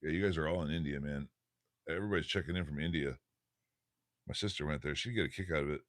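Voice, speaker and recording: A man with a very low voice rambles through a casual live stream, stumbling over fillers and restarting his sentences. The sound is close and dry, with no room echo. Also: quick pace. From USA. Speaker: livestream host.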